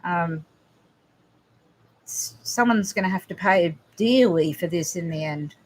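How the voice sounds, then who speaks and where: Soft-spoken woman chatting on a livestream. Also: fairly low pitch, slight background noise. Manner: emotional, halting, soft-spoken with frequent restarts. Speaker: livestream host. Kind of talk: casual livestream chat reading comments.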